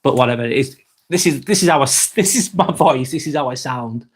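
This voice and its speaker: Speaking briskly in a slightly rough, medium-pitched voice, this young man chats with his live-stream viewers and reads their comments aloud, cursing freely. He has a broad Lancashire accent from Northwest England.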